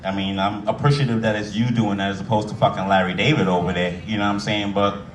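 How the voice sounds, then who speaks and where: A man doing profane stand-up storytelling, loud and animated, acting out voices as he tells an anecdote. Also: lowish voice, quick pace, echoey room, recorded from a distance, faint music behind. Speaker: stand-up comedian.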